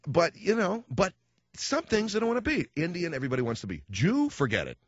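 With a fairly high, husky voice and a brisk delivery, a man hosts talk radio in a blunt, sarcastic style, animatedly voicing the people he quotes. It's dull, dry studio audio with no echo.

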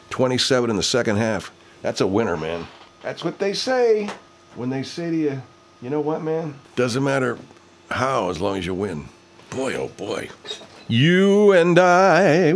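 A deep-voiced man rants casually at football highlights, swearing freely and grumbling about bad throws. His voice swings widely, rising sharply when a play surprises him. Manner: profane, grumbling, reacts loudly to plays. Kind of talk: casual commentary while watching football highlights.

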